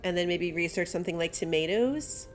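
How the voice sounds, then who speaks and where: Speaking fairly quickly in a fairly low voice, a woman streams a city-building game with faint music behind her. Her commentary is casual and chatty, and she reads chat out loud and laughs a lot.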